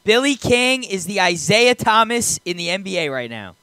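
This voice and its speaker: A man's voice: high-pitched, very animated, normal speed, pushed and bright, clear, resonant tone, no echo. A man co-hosting a casual sports talk show, teasing his partner and sounding exasperated. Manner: teasing, exasperated, laughs a lot. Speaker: co-host.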